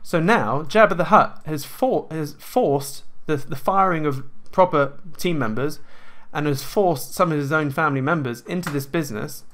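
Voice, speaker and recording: A man's voice: on the high side, moderate pace, few pauses. A man hosting a casual monologue, asking rhetorical questions and acting out what others would say. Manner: animated, rhetorical questions, acts out quoted voices. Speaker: host.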